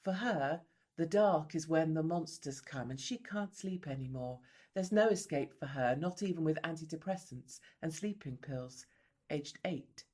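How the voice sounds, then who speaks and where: A woman's voice: sits low, expressive, a little mellow, husky. A woman reporter giving grave, emphatic scripted documentary narration. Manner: grave, emphatic, measured delivery.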